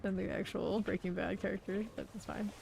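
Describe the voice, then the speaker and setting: A woman's voice: medium pitch, level tone, a little fast, vocal fry, noisy background. A woman from Florida with a light Southern accent, chatting casually with her chat while she plays a game on stream. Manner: chatty, laid-back, answers chat while playing.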